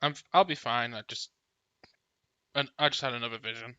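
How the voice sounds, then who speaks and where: A man's voice: medium pitch, a little fast, bright, forceful tone, clear, resonant tone, dry recording, muffled recording, natural voice. A man voicing a weary young woman Jedi troubled by visions, talking hesitantly in a tabletop role-play. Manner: hesitant, restarts sentences.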